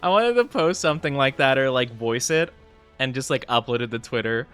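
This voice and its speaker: Male streamer, bright and animated, giggly casual chat over faint game music. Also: mid-range voice, a little fast, clear, resonant tone. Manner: giggly, chatty, reads chat aloud.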